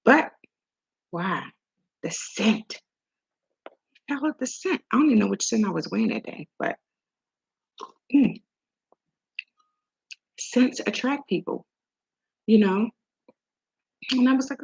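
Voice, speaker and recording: A woman's voice: on the high side, expressive, takes it slowly, creaky, long pauses, slightly rough. A middle-aged woman from Maryland hosting a casual chat, telling chatty stories and acting out the dialogue. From Maryland, USA. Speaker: host. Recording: dull lo-fi sound.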